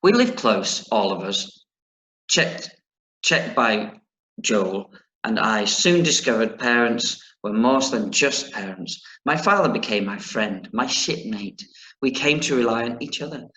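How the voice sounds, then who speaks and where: A man's voice: mid-range voice, expressive, a little slow, bright, forceful tone, echoey room, poor audio. A male teacher reading a novel aloud to pupils, breaking off now and then to explain words and set homework.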